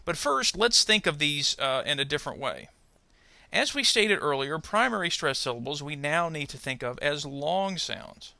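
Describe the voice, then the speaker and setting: Gravelly, bright-toned man teaching pronunciation. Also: a little high, lively intonation, dry recording. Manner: measured, explanatory, careful. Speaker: adult ESL pronunciation teacher. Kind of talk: instructional narration.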